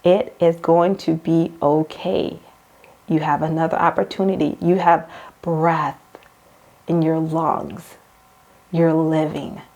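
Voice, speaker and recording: A woman hosts a motivational faith talk in a lower-pitched voice. She coaches the listener directly, circling back to the same phrases and calling her girl and hon. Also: level tone, slow, long pauses, darkish tone, highs cut off. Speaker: host.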